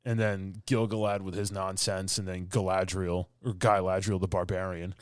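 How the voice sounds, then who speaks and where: A man's voice: sits low, steady tone, unhurried, no room sound, clean studio sound. A man co-hosting a podcast, ranting in casual chat with mocking mimicry and blunt complaints. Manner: ranting, exasperated, mocking quotes. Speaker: podcast co-host.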